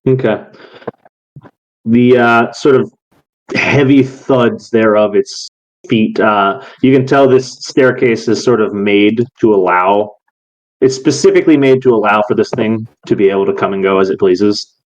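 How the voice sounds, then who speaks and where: A man narrating as game master in a relaxed way, with many fillers. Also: fairly low pitch, a little slow, dull audio.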